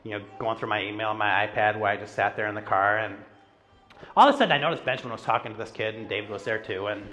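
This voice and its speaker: A man's voice: fairly low pitch, quick pace, fairly bright tone. A middle-aged man, a pastor, preaching a sermon in a casual, storytelling way, with self-deprecating humor and lots of filler words. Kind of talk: sermon with personal stories. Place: church sanctuary.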